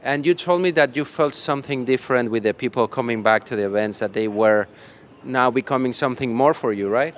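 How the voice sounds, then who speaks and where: A man's voice: medium pitch, fairly quick, slight background noise. A man hosting a live stream from a conference, chatting playfully and rambling, a little tired. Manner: playful, rambling, laughs often. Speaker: livestream host. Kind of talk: casual live stream chat. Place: conference hall after the event.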